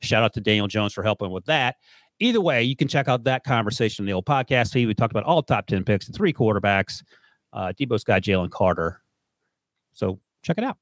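A man's voice: fairly low pitch, lively intonation, fairly quick, dry recording, studio quality. A man hosting a football podcast, joking with his co-host and plugging the show in a casual chat. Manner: upbeat, joking, plugs the show.

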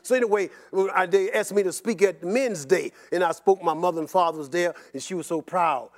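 An older man telling stories about his life in an interview, animated and rambling, repeating words and often laughing. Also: high-pitched, brisk. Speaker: interview guest. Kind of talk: personal storytelling in an interview.

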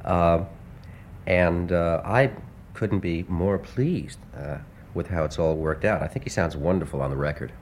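Very deep-voiced composer, hesitant. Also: male voice, a little slow, slight background noise. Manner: hesitant, many fillers and restarts, earnest. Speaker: composer being interviewed. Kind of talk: casual interview talk.

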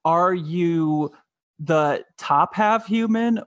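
A woman hosting a podcast, chatting casually, laughing easily and tossing in quick asides. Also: lowish voice, no echo. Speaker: podcast host. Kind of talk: casual chat.

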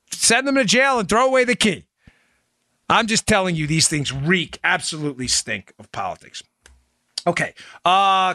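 A man hosting a political podcast, talking in an animated, sarcastic and wisecracking way and mocking other people's voices. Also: fairly high pitch, no echo, studio quality.

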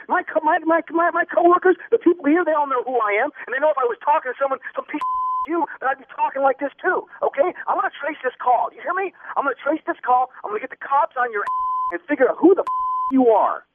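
A man's voice: very high-pitched, big pitch swings, quick pace, dry recording. A man who works in a hardware store, flustered on the phone and stammering, repeating his words. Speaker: hardware store worker taking a prank call. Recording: tinny phone line.

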